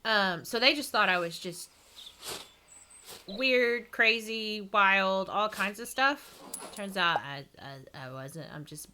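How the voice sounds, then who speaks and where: Bright-voiced Texan woman, rambling chat. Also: medium pitch, lively intonation, takes it slowly, a little hiss or hum. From East Texas. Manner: rambling, self-mocking, laughs often. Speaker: streamer reading viewer comments. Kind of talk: casual chat.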